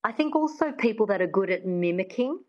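A woman's voice: mid-range voice, animated, a little fast. A woman, a dialect coach explaining her craft in a chatty, easygoing interview manner. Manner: chatty, explanatory, laughs easily. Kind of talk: conversational interview. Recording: dull lo-fi sound.

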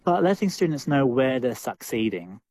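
A man's voice: medium pitch, very animated, normal speed, darkish tone, no echo. A man with an Australian accent, a drama teacher answering interview questions thoughtfully, with lots of fillers and restarts.

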